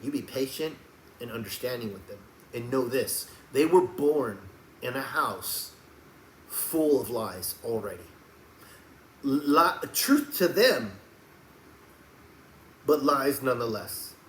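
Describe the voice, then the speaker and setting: A man preaching a sermon, swinging between fiery shouts and soft, hushed passages. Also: medium pitch, expressive, slow pace, pauses often. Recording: echoey room with faint background noise.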